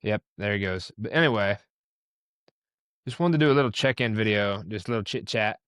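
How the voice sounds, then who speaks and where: A man's voice: on the low side, fairly quick, a bit bright, clean tone, no echo, clean studio sound. Rambling young man on a video call. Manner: casual, rambling, self-interrupting. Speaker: co-host. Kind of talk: casual chat over video call.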